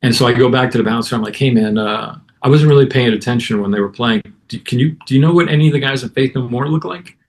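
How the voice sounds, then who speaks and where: A man, a guest musician, casually telling an animated anecdote and acting out other people's lines. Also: mid-range voice, fast, few pauses. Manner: animated anecdote with acted-out quotes. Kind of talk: casual storytelling.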